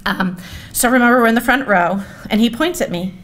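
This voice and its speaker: A woman, around her forties, giving a storytelling speech at a gala, animated and self-mocking, turning often to the audience with asides. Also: a little high, brisk. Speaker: speaker at a gala. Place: event hall.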